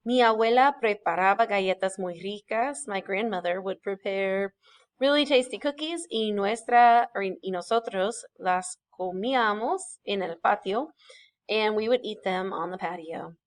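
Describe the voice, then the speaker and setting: A woman's voice: medium pitch, moderate pace. A woman, teaching a recorded classroom lesson in a patient, explanatory way, with fillers and small self-corrections. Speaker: Spanish teacher.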